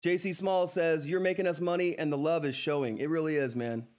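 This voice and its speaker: A man hosting a live stock trading stream, talking through price charts in an excitable, effusive way that repeats itself. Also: fairly high pitch, fairly quick. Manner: excitable, effusive, repeats himself, says "all right?" often. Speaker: livestream stock trading host. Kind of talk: live market commentary and chat.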